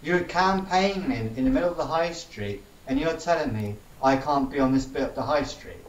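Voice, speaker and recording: A man's voice: fairly high pitch, moderate pace, dull audio, slight background noise. A man, chatting casually and acting out the people he retells. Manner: animated storytelling, acts out quoted people. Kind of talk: casual chat. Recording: roomy, distant mic with faint ambience.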